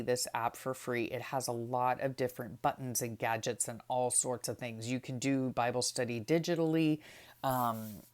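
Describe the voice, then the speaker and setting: A woman's voice: rumbling low, a little mellow. A middle-aged woman casually walking through her Bible study process, chatty with many fillers and tag questions. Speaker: vlogger.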